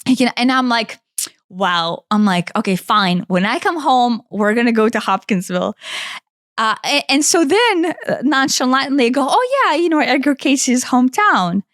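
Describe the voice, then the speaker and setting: A woman's voice: on the high side, normal speed, no echo, studio quality. Chatty woman telling a story. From Kentucky, USA. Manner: animated, rambling, with frequent restarts and "like". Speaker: podcast co-host. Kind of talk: casual storytelling chat.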